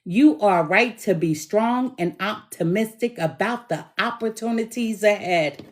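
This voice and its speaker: Middle-aged woman, tarot reader, hoarse, slow and emphatic, encouraging. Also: mid-range voice. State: hoarse from bronchitis, coughing. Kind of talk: tarot reading.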